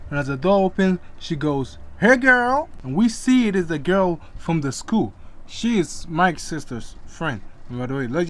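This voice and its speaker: Man, casual comic narrator, chatty asides, slightly high voice.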